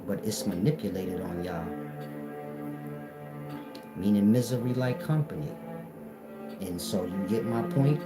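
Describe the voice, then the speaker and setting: A man's voice: lowish voice, poor audio. Confrontational man lecturing over music. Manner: confrontational, lecturing, repetitive rhetorical questions. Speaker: spiritual teacher. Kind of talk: preaching monologue. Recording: music playing behind the voice.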